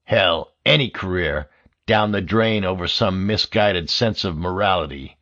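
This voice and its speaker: A man voicing a loud, domineering older FBI director with a raspy, wheezing smoker's voice who barks orders and swears. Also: mid-range voice, pitched above the performer's own voice, natural voice. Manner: barking, profane, domineering. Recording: dull lo-fi audio.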